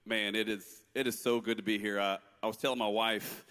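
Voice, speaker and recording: A man addressing a church congregation as ministry director, friendly and earnest, speeding up when excited. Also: fairly low pitch, brisk. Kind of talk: church talk. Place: church sanctuary. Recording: long reverb of a church hall.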